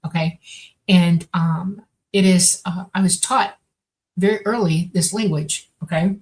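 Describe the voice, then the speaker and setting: A woman's voice: fairly low pitch, steady tone, unhurried, darkish tone, rough recording. A woman co-hosting a casual interview, explaining earnestly and checking in with "okay".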